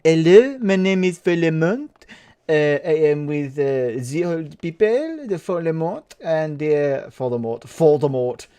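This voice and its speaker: A gamer doing a noseless dark wizard lord. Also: medium pitch, steady tone, normal speed, few pauses, pitched below the performer's own voice, close to an everyday voice. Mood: mock-menacing.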